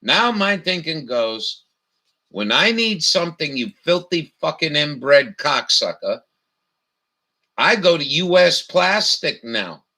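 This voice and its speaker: Slow, ranting, profane man. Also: on the high side, sing-song, sharp tone. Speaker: vlogger. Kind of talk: profane storytelling rant. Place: camper.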